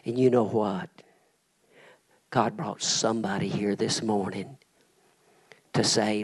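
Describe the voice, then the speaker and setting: An older man preaching a dramatic revival sermon, dropping to hushed whispers and then rising to loud shouting. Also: on the low side, fairly even intonation, takes it slowly, pauses often, slightly rough.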